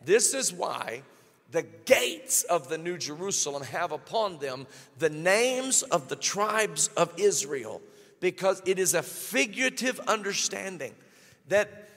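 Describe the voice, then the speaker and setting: Male pastor, higher voice, emphatic sermon delivery with loud peaks, long church reverb. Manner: emphatic preaching, swelling to loud climaxes and dropping low.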